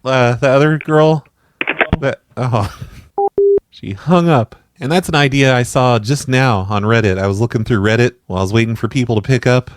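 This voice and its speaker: A man, host of a prank call show, talking to apartment staff in a persistent, deadpan way while feigning offense. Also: mid-range voice, moderate pace, no room sound, clean studio sound.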